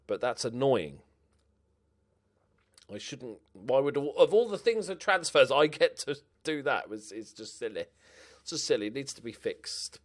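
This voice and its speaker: A young man giving casual, animated commentary on his own game play, muttering to himself and swearing now and then. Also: medium pitch. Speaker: gaming commentator.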